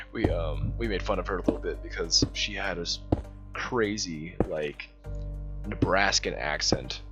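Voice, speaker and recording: A man's voice: low-pitched, measured pace. A young man from the American South telling a rambling school story over gameplay, full of fillers and restarts. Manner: rambling, many fillers and restarts, laughs often. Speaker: gaming channel host. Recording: music playing behind voice.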